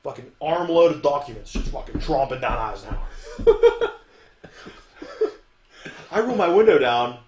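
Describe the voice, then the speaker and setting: A man, co-hosting a podcast and telling profane, animated stories in casual chat. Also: a little high, moderate pace, pauses often, a little hiss or hum. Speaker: podcast co-host. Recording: roomy echoey room.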